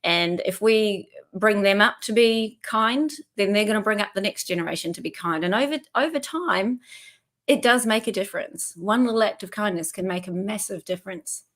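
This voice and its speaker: A woman's voice: mid-range voice, moderate pace, a bit bright. Kiwi woman with a mixed accent. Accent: mixed New Zealand and Australian. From New Zealand. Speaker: guest speaker. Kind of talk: online interview.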